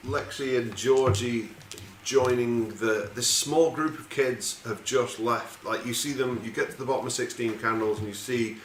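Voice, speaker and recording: A man's voice: mid-range voice, steady tone, normal speed, few pauses. A man running a tabletop game as game master, narrating casually with loose, rambling asides and swearing. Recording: echoey room with faint noise.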